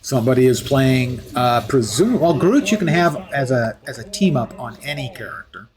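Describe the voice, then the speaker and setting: A man's voice: medium pitch, big pitch swings, moderate pace. A man streaming live, chatting through gameplay with wry asides and jokes.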